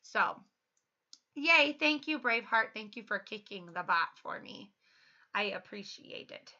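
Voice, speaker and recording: A thirty-year-old woman chatting casually while livestreaming a game, upbeat and quick to laugh. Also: mid-range voice, expressive, sharp tone. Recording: slightly muffled lo-fi stream audio.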